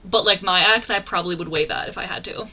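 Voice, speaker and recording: A young woman hosting a reaction video, talking casually and exclaiming excitedly as she comments. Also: lowish voice, fast talker, faint music behind.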